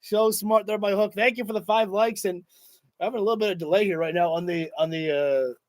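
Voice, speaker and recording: A man hosting a livestream, giving excited commentary over a wrestling broadcast. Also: sits high, a little fast.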